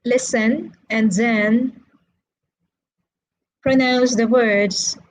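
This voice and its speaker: A woman teaching an online English lesson, speaking slowly and deliberately and repeating words to model their stress. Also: a little high, steady tone, low-quality recording.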